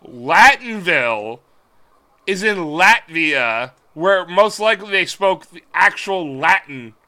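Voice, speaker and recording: A man with a bright, forceful voice that swings widely in pitch as he trades jokes. He co-hosts a casual podcast and keeps digging in stubbornly for the laugh. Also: lively intonation, slow pace. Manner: joking, playfully stubborn. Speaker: podcast co-host. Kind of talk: casual banter.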